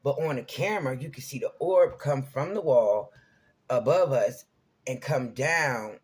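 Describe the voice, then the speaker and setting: A man's voice: mid-range voice, a little slow, breathy edge. A middle-aged man telling a personal story to camera in a casual, rambling way, often checking in with his listeners. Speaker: vlogger.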